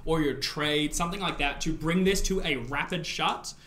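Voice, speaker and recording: A man's voice: on the high side, normal speed, background noise. Man narrating a tabletop horror game. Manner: descriptive, loose with fillers like "sort of". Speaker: game master.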